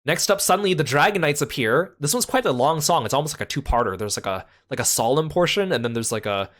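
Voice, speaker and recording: A man's voice: fairly high pitch, expressive, quick pace, fairly bright tone. A man casually recapping a trip in a chatty voice, full of fillers like "like" and "uh".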